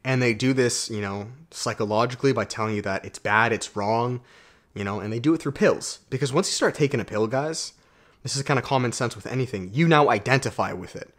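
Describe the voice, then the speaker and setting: A man delivers a self-help monologue straight to camera, blunt and full of swearing. He keeps calling his viewers guys, drops into low asides, then bursts out loud to hammer a point home. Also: a little fast. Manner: blunt, profane and emphatic, addresses viewers as guys; swings between low asides and loud outbursts. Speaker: self-development YouTuber.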